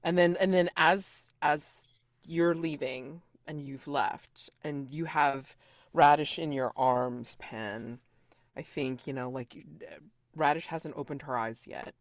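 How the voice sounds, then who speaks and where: A woman running a tabletop game as game master, animated and quick to laugh, with many fillers. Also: deep voice, no echo, studio quality.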